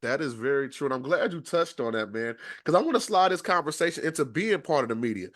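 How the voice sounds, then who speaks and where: A man from Detroit hosting a podcast, hyped and slangy, giving shout-outs. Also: a little high, lively intonation, quick pace. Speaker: podcast host. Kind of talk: casual interview chat.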